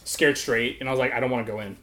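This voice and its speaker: A man's voice: medium pitch, fairly even intonation, very fast, fairly bright tone. A young man hosting a podcast, telling a story in casual chat, laughing often and swearing freely. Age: young adult. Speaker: podcast host.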